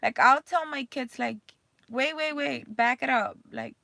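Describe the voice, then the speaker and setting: A woman's voice: high-pitched, a little slow, creaky, pushed and bright, dry recording. A woman in her thirties, a mother, talking candidly in a rambling personal vlog full of fillers. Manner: emotional, voice rising and cracking near tears.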